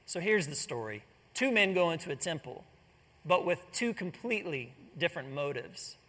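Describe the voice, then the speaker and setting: A man's voice: a little high, sing-song, normal speed, a bit bright, big-room sound. A man preaching a sermon, telling a Bible story with earnest rhetorical questions. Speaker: pastor.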